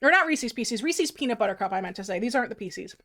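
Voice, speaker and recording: A woman with a high, light voice talks to her livestream audience in a loose, chatty way. She mocks herself and swears casually as she goes. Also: animated, fast talker, a bit bright. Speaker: streamer.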